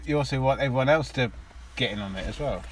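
A man's voice: medium pitch, fast. A man co-hosting a podcast in casual chat, rambling with restarts and swearing. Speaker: podcast co-host.

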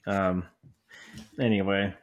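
A man from the United States co-hosting a podcast, telling long rambling stories, often laughing and growing animated as he rants. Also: low-pitched, takes it slowly, lo-fi sound. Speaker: podcast co-host. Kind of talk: casual chat.

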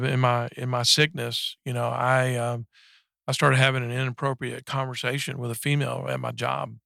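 A man in his forties giving a personal faith testimony in casual conversation, halting and earnest, with many restarts and fillers. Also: medium pitch, gravelly, bright, forceful tone, dry recording, studio quality. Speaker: guest sharing a faith story.

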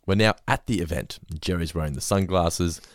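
A man's voice: deep voice, moderate pace, dry recording, clean studio sound. A man co-hosting a podcast, recapping scenes casually and laughing as he quotes lines. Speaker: podcast co-host. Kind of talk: casual chat.

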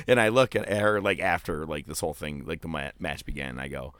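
A man telling a profane, animated story in casual chat, acting out the voices of the people in it. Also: extremely low pitch, a little fast, no room sound. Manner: profane, animated, acts out quotes.

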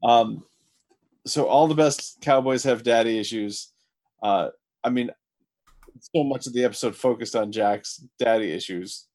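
A man's voice: mid-range voice, unhurried, long pauses, dry recording. A man co-hosting a casual chat about a TV episode, often stumbling over his words before he makes his point. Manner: hesitant, restarts, then animated disbelief. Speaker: podcast co-host.

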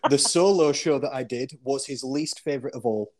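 A man's voice: medium pitch, moderate pace, very noisy. Chatty Yorkshire man hosting a podcast. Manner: laughs often, upbeat and chatty. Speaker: podcast host. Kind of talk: casual chat.

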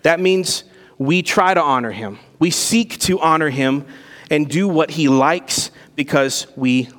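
Pastor, male, fairly high voice, earnest conversational sermon with a long hall echo. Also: a little slow, a bit bright. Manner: earnest, conversational preaching with rising emphasis. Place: church sanctuary.

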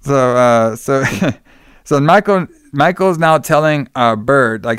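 A man's voice: medium pitch, takes it slowly, a bit bright, smooth, no room sound, studio quality. A man hosting a podcast, recapping a film in casual chat, rambling and swearing, laughing often and acting out the characters' lines.

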